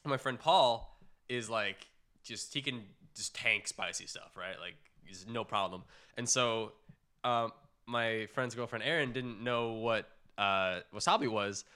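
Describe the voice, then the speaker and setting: A young man co-hosting a casual chat show, telling animated stories full of "like" fillers and jumping high in pitch for the voices he quotes. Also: a little slow, clear, resonant tone. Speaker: podcast co-host.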